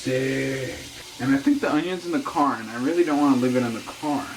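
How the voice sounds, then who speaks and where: A man's voice: medium pitch, a little fast. A young man chatting casually through a cooking vlog, jokey and rambling, recorded on a camera mic in his home kitchen. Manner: jokey, rambling, self-amused. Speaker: cooking vlogger. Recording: echoey kitchen with cooking noise. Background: frying and sizzling.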